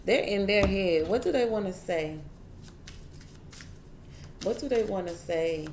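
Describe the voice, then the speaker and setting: A woman's voice: medium pitch, animated, measured pace, darkish tone, reverberant, a little hiss or hum. A woman giving a casual tarot reading straight to her viewers, chatty and repeating herself as she goes. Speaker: tarot reader.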